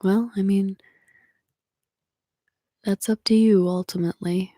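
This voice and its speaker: Woman ASMR streamer, soft-spoken to whispered, mellow and breathy, lower pitch, encouraging. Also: fairly even intonation, measured pace, dry recording. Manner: gently encouraging. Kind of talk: soft-spoken livestream chat.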